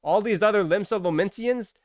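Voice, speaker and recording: A man's voice: high-pitched, a little fast, darkish tone, no echo, studio quality, voice pushed up, natural voice. A man doing a pushy slangy commander. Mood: urgent. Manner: casual slangy, insistent. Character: blunt military commander, urgent and pushy.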